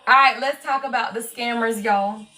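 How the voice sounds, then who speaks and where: A woman's voice: fairly high pitch, fairly even intonation, normal speed, sharp tone, soft background music. A middle-aged Southern woman with a Southern accent, a tarot reader talking on a livestream in a blunt, profane, preachy way. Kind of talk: livestream talk.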